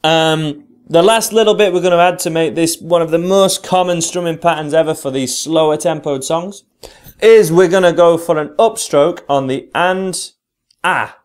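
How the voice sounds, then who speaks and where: A British man teaching guitar, explaining strumming and slowly counting the beats aloud. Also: a little high. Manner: counts along in a slow, drawn-out voice. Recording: guitar playing loudly behind the voice. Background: his own guitar playing.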